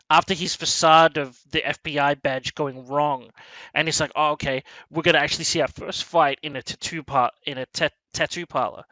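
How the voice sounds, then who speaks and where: A man hosting a casual film discussion, rambling and animated, with many restarts as he acts out lines from scenes. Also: fairly high pitch, dry recording, low-quality recording. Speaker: movie review podcast host.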